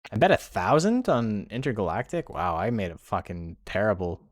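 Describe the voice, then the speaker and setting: A man's voice: lowish voice, big pitch swings, moderate pace. A young man hosting a game tournament stream, chatting casually with a profane, rambling manner between play-by-play calls. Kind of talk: casual live-stream commentary.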